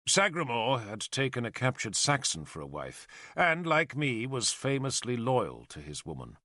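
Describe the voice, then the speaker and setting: A man narrating an audiobook, telling a historical story with an expressive delivery. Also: medium pitch, moderate pace, few pauses, no echo, studio quality. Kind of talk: scripted narration.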